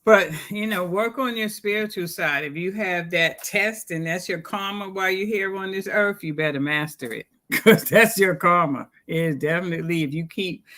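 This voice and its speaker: A man's voice: fairly high pitch, pushed and bright. A man giving earnest, preachy advice in a casual chat, with frequent "you know" and "right?". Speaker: panelist.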